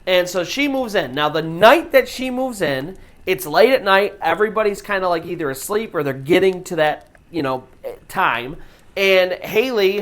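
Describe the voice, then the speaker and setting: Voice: mid-range voice, fairly bright tone. A storyteller host retelling a true ghost story in a casual, conversational way, full of "you know" fillers.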